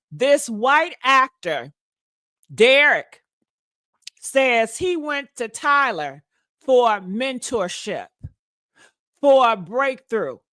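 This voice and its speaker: A woman's voice: on the high side, a bit bright, no room sound, studio quality. A woman hosting a gossip commentary vlog, sassy and dramatic, preaching at viewers with church-style calls and pet names like honey and baby. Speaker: commentary channel host.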